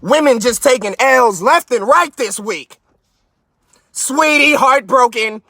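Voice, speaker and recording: High, bright-voiced man ranting in his car. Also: takes it slowly, no room sound. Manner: loud, mocking and boastful, swinging his pitch way up in outbursts. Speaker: podcast host. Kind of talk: profane comedic rant.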